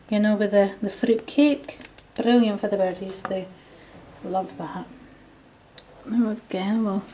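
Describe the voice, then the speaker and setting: A woman's voice: medium pitch, dark tone, a little hiss or hum. A Scottish woman chatting casually as she shows a recipe at home in her kitchen. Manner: chatty, homely, talks while working. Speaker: home vlogger.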